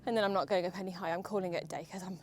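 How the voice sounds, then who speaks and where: A woman's voice: on the low side, fairly even intonation, rapid-fire, a little hiss or hum. A young woman vlogging while riding her horse, chatty and nervous, talking to the horse and her viewers. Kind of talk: casual chat while riding. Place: outdoor riding arena.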